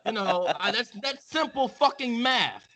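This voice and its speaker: A man's voice: extremely high pitch, sing-song, takes it slowly, bright, forceful tone. A man hosting a casual wrestling podcast, ranting heatedly with lots of swearing. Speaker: podcast host.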